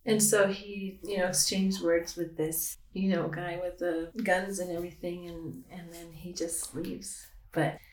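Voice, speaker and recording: A woman's voice: on the low side, level tone, a little slow, few pauses, a little mellow, reverberant. A woman telling a long story in a casual chat, rambling with many fillers. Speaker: guest, pastor's wife.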